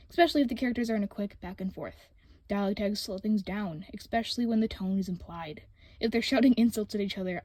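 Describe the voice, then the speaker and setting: A woman's voice: mid-range voice, dark tone, no room sound. A woman hosting a writing-tips video, reading a scripted voice-over in a casual, opinionated, frank way.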